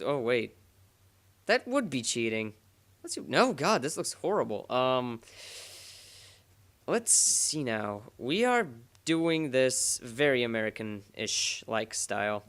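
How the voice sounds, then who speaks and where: A man's voice: mid-range voice, fairly bright tone. A man giving let's-play commentary over a racing game, rambling and joking at his own expense. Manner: rambling, self-mocking, jokey.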